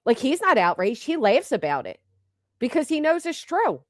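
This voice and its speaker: A woman's voice: high-pitched, big pitch swings, moderate pace, no room sound, clean studio sound. A woman doing live-stream reaction commentary, blunt and mocking, swearing freely as she talks over clips.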